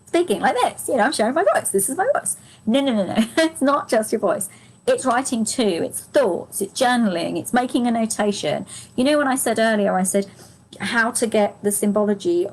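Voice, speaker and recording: Woman, live angel card reader, strained fading voice, chatty and gushing, laughs a lot, middling pitch. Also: low-quality recording. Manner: chatty, gushing, laughs often, talks to viewers by name. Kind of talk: live oracle card reading to viewers.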